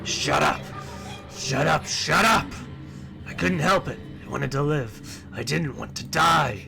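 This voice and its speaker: A man voicing a tormented young man who calls himself a beast, frantic and shouting, over game music. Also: fairly high pitch, expressive, takes it slowly, gravelly, heavily acted. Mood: furious. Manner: frantic, shouting, breaking into despair. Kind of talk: dramatic reading of a visual novel. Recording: loud game music behind voice.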